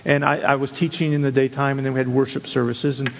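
A man's voice: mid-range voice, flat delivery, fast talker, creaky, a little hiss or hum. A middle-aged man pastor preaching a sermon and telling a personal story, earnest, with many restarts and repeated words. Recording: dull, with long hall reverb.

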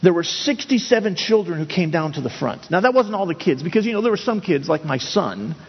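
With a high, husky voice and lively intonation, a middle-aged pastor moves briskly through a sermon, earnestly recounting a personal story full of restarts and repeated words. The sound is dull, with long hall reverb.

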